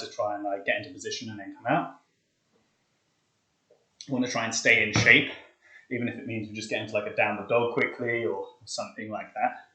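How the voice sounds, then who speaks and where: A man's voice: lowish voice, bright, forceful tone. A young man leading a live workout, chatting casually and counting reps aloud, out of breath. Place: hot flat, indoors. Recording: echoey room.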